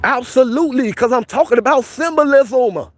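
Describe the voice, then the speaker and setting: A man's voice: extremely high pitch, moderate pace. A man, livestreaming outdoors and arguing insistently with his viewers, repeating his points. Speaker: livestream host. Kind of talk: street livestream arguing with chat. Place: outdoors by a police station.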